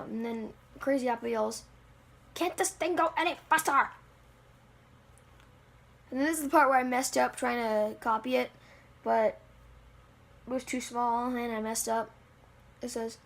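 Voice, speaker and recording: A woman's voice: a little high, creaky. A woman telling a story on her own channel in a rambling, self-deprecating way, with lots of fillers. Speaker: channel owner. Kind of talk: rambling home-video storytelling.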